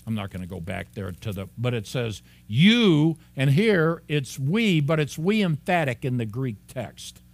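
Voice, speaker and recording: A man preaching an expository sermon as a pastor. He talks in an animated way, laughs often and acts out the lines of the people in the story. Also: a little high.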